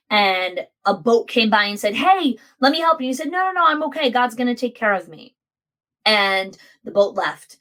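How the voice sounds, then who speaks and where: A woman's voice: medium pitch, a bit bright. A woman hosting a motivational podcast, speaking emphatically and repeating key phrases for effect. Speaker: podcast host.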